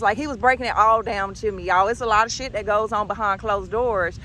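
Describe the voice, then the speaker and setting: A woman vlogger telling a personal story in a casual, animated, blunt way, swearing freely. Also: mid-range voice, brisk, a little hiss or hum.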